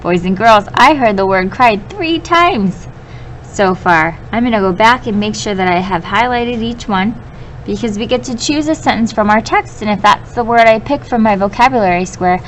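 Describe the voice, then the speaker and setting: A woman teacher reading a story aloud to children and pausing to explain vocabulary, patient and clear. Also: mid-range voice, expressive, a little hiss or hum, poor audio.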